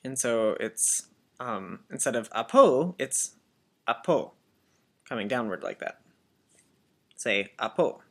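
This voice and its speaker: A man's voice: on the low side, measured pace, pauses often, fairly bright tone. A man teaching a language lesson for children, patiently spelling out words and having learners repeat after him. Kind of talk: slow classroom language lesson.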